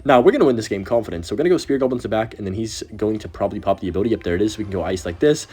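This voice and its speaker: A young man giving excitable gameplay commentary while he plays, talking to himself and to viewers. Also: lowish voice, very fast, breathy edge. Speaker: gaming video creator.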